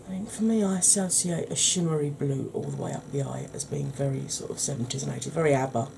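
A woman with a husky, croaky voice hosts a soft-spoken ASMR makeup tutorial, chatting gently to her viewers. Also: low voice, quick pace, noisy background. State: husky, croaky voice from a sore throat.

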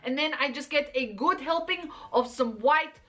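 A woman's voice: sits high, moderate pace, fairly bright tone. A young woman chatting playfully through a makeup tutorial, theatrical and prone to talking about herself in the third person. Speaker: makeup vlogger.

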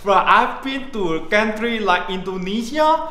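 A man's voice: sits high, lively intonation, unhurried, bright, forceful tone, exaggerated voice. A man playing a chatty, scatterbrained female maid with a Malaysian English accent in a comedy sketch. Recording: echoey room with faint noise.

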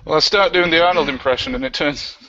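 A wry, self-mocking man chats on a video call. His voice is high and bright with a sharp edge. The audio is dull and lo-fi. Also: quick pace. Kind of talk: casual chat on a video call.

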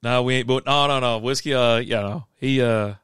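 A man's voice: medium pitch, steady tone, moderate pace, a bit bright, clean tone, no room sound, studio quality. A middle-aged man hosting a casual beer livestream, chatting loosely and reading comments aloud, full of fillers and restarts. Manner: rambling, laid-back, lots of fillers and restarts. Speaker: livestream beer show host.

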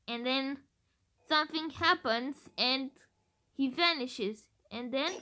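A woman's voice: high-pitched, slow pace, sharp tone. A woman from Romania chatting casually about her game predictions, thinking aloud with hesitant restarts. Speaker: gaming video creator. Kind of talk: casual game-theory chat.

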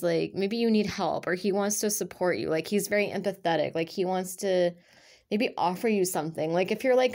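A woman's voice: medium pitch, darkish tone. A woman giving a casual tarot reading to her viewers, talking in a rambling, chatty way full of fillers. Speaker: tarot reader.

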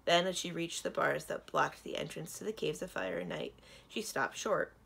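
A woman librarian reading a children's chapter book aloud, gentle and steady. Her voice is low and has a gravelly, creaky texture. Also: moderate pace. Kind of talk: children's read-aloud narration.

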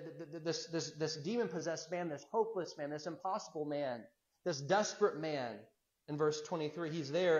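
A man's voice: fairly high pitch, muffled recording. A man preaching a sermon as pastor, earnest, asking rhetorical questions and repeating himself as he builds a point.

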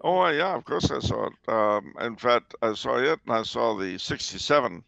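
An older man with a gravelly, creaky voice hosts a casual podcast chat, opinionated and halting. His voice sounds dry and close, on a dull lo-fi recording. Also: mid-range voice, animated, fairly bright tone, no echo. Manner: opinionated, hesitant with many uh and um. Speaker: podcast host.

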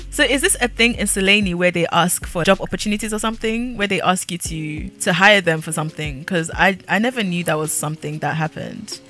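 Bright-voiced sassy young woman gamer. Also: fairly low pitch, brisk, few pauses, soft background music. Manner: chatty, sassy, laughs often. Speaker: gaming YouTuber. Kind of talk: casual game commentary.

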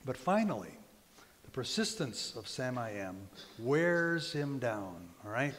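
A man preaching a sermon as pastor, telling a story in a relaxed, conversational way with frequent fillers. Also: mid-range voice, measured pace, slight background noise. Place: church. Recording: reverberant church hall.

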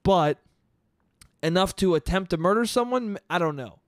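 A man's voice: high-pitched, lively intonation, normal speed, no echo, clean studio sound. A man hosting a solo podcast, telling a story in a rambling, profane way and laughing at his own jokes. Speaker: podcast host. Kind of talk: casual storytelling monologue.

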